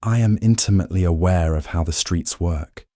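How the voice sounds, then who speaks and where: A man voicing a poised woman finance chief who speaks in a calm, clipped, controlled manner. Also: sits low, moderate pace, no room sound, clean studio sound, natural voice. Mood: coldly calm.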